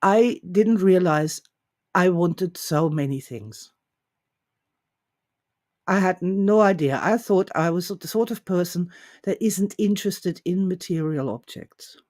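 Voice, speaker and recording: A woman's voice: expressive, slow pace, darkish tone. A woman voicing a grown man who panics over a wish, frantic and stammering, in a storytelling talk. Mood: amazed. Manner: frantic, stammering, rising pitch.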